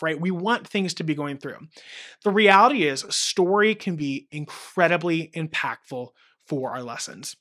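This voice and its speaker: Bright, animated male music teacher. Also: on the high side, moderate pace. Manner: animated, acts out kid voices and chants. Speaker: music teacher and podcast host. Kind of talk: teaching talk with acted-out story examples.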